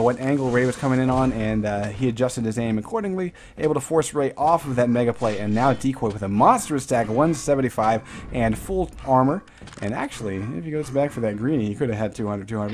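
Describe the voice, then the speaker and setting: A man's voice: mid-range voice, brisk, darkish tone, slight background noise. A man casting a live video game match with play-by-play commentary, jokey and prone to rambling tangents. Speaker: esports caster.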